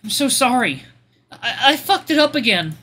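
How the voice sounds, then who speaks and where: A man voicing a drunk male hyena who sobs and apologizes, his voice high and breaking between giggles. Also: sing-song, moderate pace, pushed and bright, breathy edge, exaggerated voice. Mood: sobbing apology.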